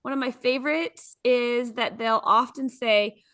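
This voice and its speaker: A woman's voice: a little high, unhurried, fairly bright tone. A woman co-hosting a morning show, chatting casually in a bubbly, giggly way. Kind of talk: casual chat.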